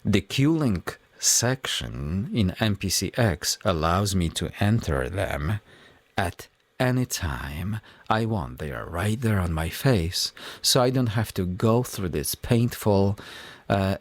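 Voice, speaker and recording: A man hosting a music production tutorial, explaining each step in a measured, methodical way. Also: low-pitched, dry recording. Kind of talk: tutorial walkthrough.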